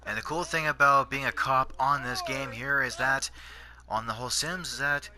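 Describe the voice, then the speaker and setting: A man's voice: medium pitch, fairly even intonation, moderate pace, a crowd in the background. A Canadian man giving rambling gameplay commentary, full of fillers and restarts. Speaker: gaming channel host.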